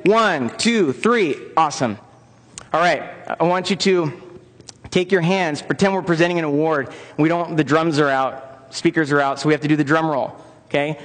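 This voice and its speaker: A man presenting at a conference for personal trainers, upbeat and coaxing the audience into joining in. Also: on the high side. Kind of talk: interactive conference lecture. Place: large conference room. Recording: long reverb of a conference hall.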